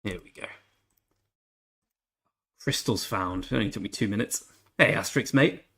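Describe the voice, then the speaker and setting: A chatty man hosts a gaming live stream, talking to viewers in a relaxed, everyday way in casual commentary. He reads chat aloud and greets people, then drifts into muttering thoughts to himself. His voice is on the low side at a moderate pace.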